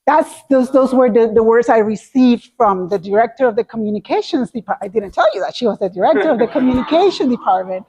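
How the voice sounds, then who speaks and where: Animated woman with a Spanish accent. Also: on the high side, fairly quick, husky. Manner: animated, acts out her own past reactions. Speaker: speaker. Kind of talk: storytelling talk.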